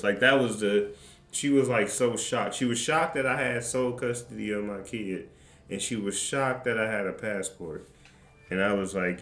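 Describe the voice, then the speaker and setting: A man's voice: lowish voice, fairly even intonation, moderate pace, a bit bright. A man streaming, telling a rambling, profane story in a casual way and laughing often. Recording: echoey room with background music.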